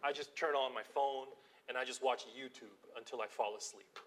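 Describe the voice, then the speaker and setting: A pastor, a man, preaching a storytelling sermon, acting out scenes and dropping to a hushed prayerful voice. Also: medium pitch, moderate pace. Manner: animated storytelling, acting out quotes, drops to quiet prayerful tones.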